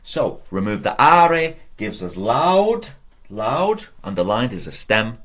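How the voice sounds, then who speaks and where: A man's voice: medium pitch, very animated, slow pace, fairly bright tone. A man teaching Latin at a whiteboard, patiently drilling verb endings aloud and encouraging his viewers. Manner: patient, drills conjugations aloud with rising emphasis; encouraging, addresses viewers directly. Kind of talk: whiteboard lesson.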